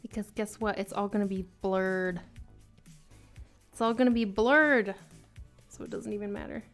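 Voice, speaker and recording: A woman's voice: medium pitch, normal speed, faint music behind. A woman streaming live as she draws, chatting casually with her viewers, laughing often and joking at her own expense. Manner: chatty, self-mocking, laughs often, drops to mutters. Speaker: art streamer. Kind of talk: casual live-stream chat while drawing.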